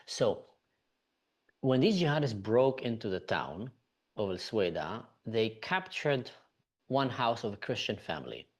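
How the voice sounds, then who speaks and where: A man's voice: on the low side, very animated, measured pace. A man from Israel, a podcast guest, earnestly recounting events with frequent "you know" fillers.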